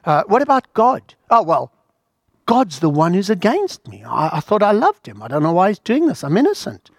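A man's voice: high voice, wildly swooping pitch, normal speed, no echo, studio quality, exaggerated voice. A man voicing a despairing, bewildered grieving man who pleads and wavers as he talks.

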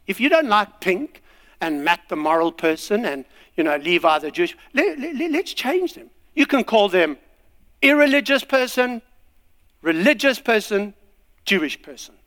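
A man's voice: high voice, fairly bright tone. A man preaching a sermon, acting out little scenes and voices as he goes. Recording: long hall reverb.

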